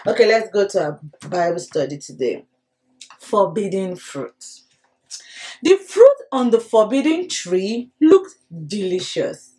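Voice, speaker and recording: Animated woman teaching kids the Bible. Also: high voice, slow, low-quality recording. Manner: animated, call-and-response, repetitive. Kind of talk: Bible lesson for children.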